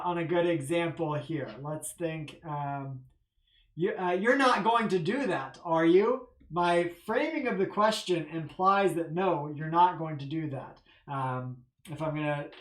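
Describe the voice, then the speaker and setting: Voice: mid-range voice, reverberant. A seminary professor giving a recorded video lecture over slides, speaking conversationally with frequent fillers and restarts and explaining points patiently and repetitively.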